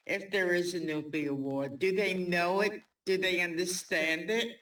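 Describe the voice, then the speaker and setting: A man's voice: high-pitched, slow, sharp tone. A man interviewing a guest, asking probing questions and repeating them for emphasis. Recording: distant mic.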